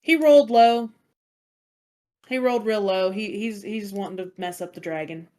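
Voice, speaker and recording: A woman's voice: medium pitch, normal speed, darkish tone. A woman narrating as game master of a tabletop game, calling rolls and describing the enemies' turns.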